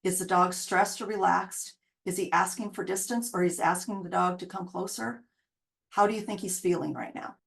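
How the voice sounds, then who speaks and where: In a casual narrated video breakdown, a woman dog trainer walks through dog body language over clips. She has a lowish, gravelly voice at normal speed, and her style is chatty and explanatory, with quoted dog voices.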